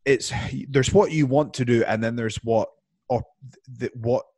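A man's voice: mid-range voice, normal speed, a little mellow, no echo, studio quality. A man from the UK, a guest on a podcast, answering in a chatty, reflective way with frequent repeated words. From United Kingdom. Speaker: guest wrestler. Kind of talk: casual interview chat.

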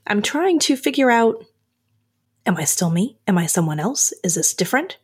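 A woman with a husky voice playing a tabletop game. She speaks in an uncertain, searching way, with pauses. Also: medium pitch, very animated. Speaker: player.

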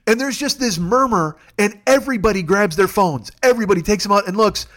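A man hosting a podcast, telling profane, excitable comic stories in a sports rant. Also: high voice, a little fast. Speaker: podcast host.

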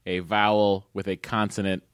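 A young man co-hosting a comedy podcast, brash and excitable, mocking himself in casual banter. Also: deep voice, normal speed, clear, resonant tone, no echo, clean studio sound. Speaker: podcast co-host.

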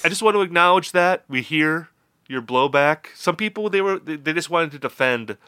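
A man's voice: a little high, animated, normal speed, sharp tone, smooth, dry recording, clean studio sound. A young man with a Midwestern accent co-hosting a podcast, chatting casually and rambling with lots of fillers and restarts. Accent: Midwestern American. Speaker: podcast co-host.

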